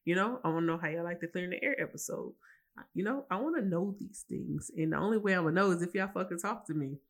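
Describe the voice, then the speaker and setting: A woman's voice: fairly low pitch, quick pace. A woman hosting her own podcast alone, tired and emotional, rambling and swearing with lots of restarts. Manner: rambling, profane, many restarts. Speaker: podcast host. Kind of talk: casual solo podcast rant.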